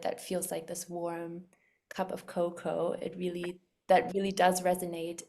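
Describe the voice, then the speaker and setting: A woman with a slightly low voice speaks softly and reflectively. She is a guest in a casual interview.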